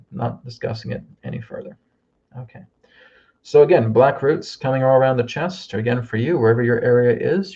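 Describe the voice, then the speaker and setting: Man, gravelly voice, leads a guided healing meditation over muffled lo-fi audio, calm check-ins. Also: mid-range voice. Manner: slow, soothing instructions with frequent "okay?". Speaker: healer leading a group healing.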